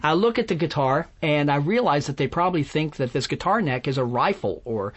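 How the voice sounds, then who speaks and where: A songwriter guest from West Virginia trades funny anecdotes in conversation, animated and self-deprecating, laughing often. His voice is a little high and his pace brisk.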